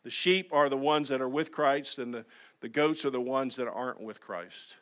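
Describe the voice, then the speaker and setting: A man preaching a sermon as pastor. He talks earnestly, dropping to soft asides and then rising to loud, emphatic exhortation. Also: medium pitch, unhurried. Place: church sanctuary.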